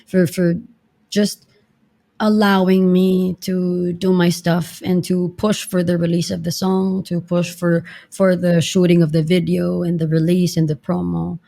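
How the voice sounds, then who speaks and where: A young woman singer from the Philippines, talking bubbly and warmly in a podcast interview over the internet, laughing often. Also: fairly low pitch, little pitch movement, vocal fry. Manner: bubbly, laughs often, rushes through thanks. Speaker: singer guest.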